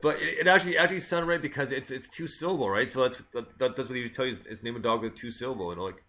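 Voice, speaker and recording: A man's voice: medium pitch, rapid-fire, bright, forceful tone. A man hosting a music radio show, telling rambling stories with many restarts and laughs. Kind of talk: casual chat.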